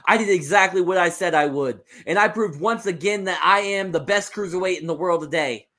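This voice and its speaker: A man's voice: sits high, brisk, bright, forceful tone, voice pushed up. A man voicing a confident male wrestling champion delivering an emphatic promo. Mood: proud defiant.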